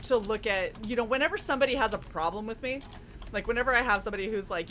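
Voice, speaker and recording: A woman from the western United States, chatting on a panel, telling animated stories and swearing freely. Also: mid-range voice, fast talker, slight background noise. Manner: animated storyteller, quotes people in acted voices, swears freely. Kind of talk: casual chat.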